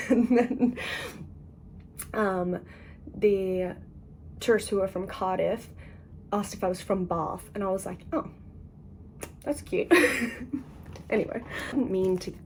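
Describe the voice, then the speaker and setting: A young Australian woman chatting in a casual vlog from a hotel room, giggling often and filling pauses with "um" and "like". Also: medium pitch, fairly even intonation, a little hiss or hum, rough recording. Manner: chatty, giggly, many ums and likes. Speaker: book vlogger.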